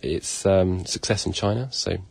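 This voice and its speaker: A man's voice: deep voice, normal speed, creaky, darkish tone, slightly rough, dry recording. A man chatting on a radio show about a film, with lots of hesitant ums and uhs. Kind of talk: casual radio chat.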